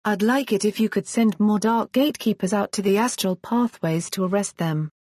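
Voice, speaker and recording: A woman voicing an arrogant, rattled male dark god in an audiobook story, in a husky voice. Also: mid-range voice, moderate pace, no room sound, clean studio sound, close to an everyday voice. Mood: frustrated. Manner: arrogant, pleading.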